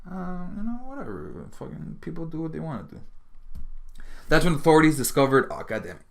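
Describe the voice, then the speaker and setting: A man from Miami hosting a podcast, reading news aloud and rambling in a heavily profane, casual monologue with sudden loud outbursts. He sounds tired. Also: fairly high pitch, sing-song, fairly quick, vocal fry. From Miami, Florida. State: tired and hungry. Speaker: podcast host.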